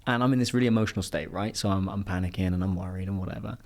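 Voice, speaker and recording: Animated man telling stories. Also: low voice, racing, few pauses. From England. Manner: animated storyteller who acts out quoted voices. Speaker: podcast host and performance coach. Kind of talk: casual podcast chat with storytelling.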